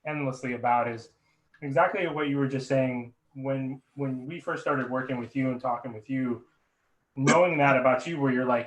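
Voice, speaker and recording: A man's voice: medium pitch, fairly even intonation, moderate pace, a bit bright, recorded from a distance. Man, business consultant, laid-back casual delivery, echoey room sound. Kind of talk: casual roundtable chat.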